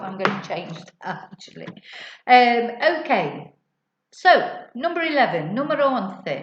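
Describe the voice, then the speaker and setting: A woman teaching Spanish, reading out questions and answers slowly and carefully for learners. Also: medium pitch. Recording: echoey room, dull lo-fi sound.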